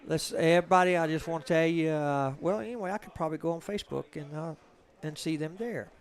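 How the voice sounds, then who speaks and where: Southern US man, rambling folksy commentator, voice a touch high. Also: quick pace. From Georgia, USA. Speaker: pool stream commentator. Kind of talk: casual live-stream chat.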